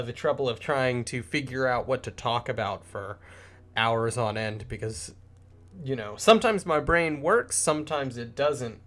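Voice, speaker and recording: A man's voice: mid-range voice, fairly bright tone. A man chatting casually as a streamer while playing a game, rambling and enthusiastic. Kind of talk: casual gameplay commentary.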